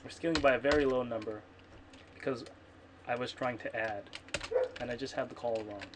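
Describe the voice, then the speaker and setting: A man's voice: mid-range voice, a little fast, noisy background. A man streaming his programming work, thinking aloud in a rambling, self-correcting way and muttering to himself. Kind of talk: casual thinking-aloud coding screencast. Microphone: computer microphone. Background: keyboard typing and clicks.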